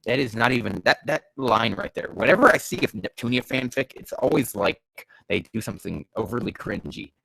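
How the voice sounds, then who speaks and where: The voice is lowish and gravelly, expressive and a little fast with few pauses, and there's no room sound. A man reads bad fanfiction aloud while his allergy-stuffed nose shows, ripping into it sarcastically and profanely, exasperated and erupting into yells, in ranting comedic commentary.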